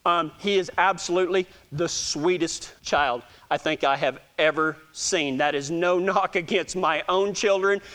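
A man with a noticeably high voice and a Texan drawl, telling stories to a live gathering. He talks in a folksy, self-deprecating way and often trips over his words and starts sentences again. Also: unhurried, few pauses, bright, forceful tone. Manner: folksy and self-joking, with frequent stammered restarts. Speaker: speaker addressing a gathering. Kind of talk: casual storytelling talk to an audience.

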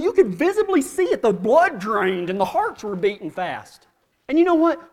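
A man from Texas with a drawl preaching a sermon, telling folksy stories and swinging from hushed asides to shouts. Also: extremely high pitch. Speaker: pastor.

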